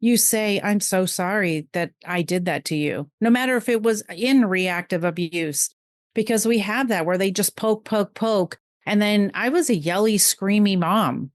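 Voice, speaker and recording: A middle-aged woman, a podcast guest, speaking earnestly and emotionally in quick bursts in a heartfelt interview. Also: mid-range voice, no room sound, studio quality.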